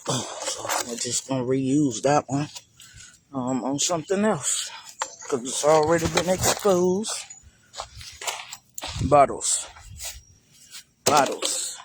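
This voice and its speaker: A gardening vlogger strolls through his outdoor garden, chatting casually and loosely with viewers he calls y'all. His voice is on the high side, and there is slight background noise.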